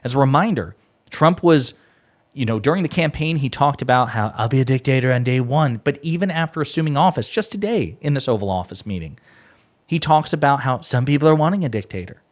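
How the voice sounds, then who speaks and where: Male political commentator, exasperated and emphatic, swears freely, mid-pitched voice. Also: expressive, a little fast.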